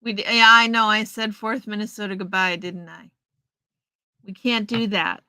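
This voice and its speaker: A woman's voice: mid-range voice, steady tone, moderate pace, sharp tone, dry recording, poor audio. A woman hosting a casual livestream, chatting with viewers and answering their messages by name. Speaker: livestream host. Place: home, in front of a green screen. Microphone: headset earpiece.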